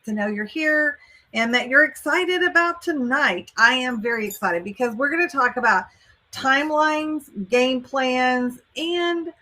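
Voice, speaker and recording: A woman's voice: sits high, a little slow, pushed and bright. A woman with a Texas accent, hosting a live online workshop on college admissions, chatty and upbeat as she greets viewers by name and walks through the plan. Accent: Texan. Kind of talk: live webinar talk.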